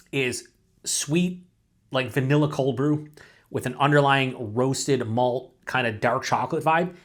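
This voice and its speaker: A man casually reviewing a beer on his own channel, rambling with lots of fillers, swearing freely and mocking himself in asides. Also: medium pitch.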